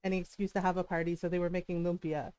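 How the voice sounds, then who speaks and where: A woman's voice: lowish voice, level tone, racing, darkish tone, smooth, no room sound. A woman streamer telling a long family story to her live chat, chatty and laughing often.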